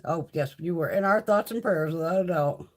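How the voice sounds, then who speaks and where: Speaking at a moderate pace in a lowish voice, this middle-aged beauty livestream host chats profanely with her audience. She reads out viewer comments during the loose live session.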